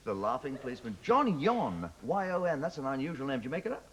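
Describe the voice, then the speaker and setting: An older man hosting a TV talent show, trading quick self-mocking jokes with contestants in a studio. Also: medium pitch, sing-song, fairly bright tone, rough recording. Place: TV studio with an audience.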